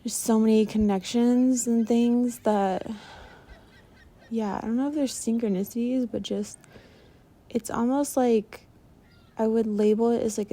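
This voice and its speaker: A woman talking in a casual diary-style vlog, rambling softly and trailing off with fillers, a little stuffy from allergies. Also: medium pitch. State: runny nose from allergies. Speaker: meditation vlogger.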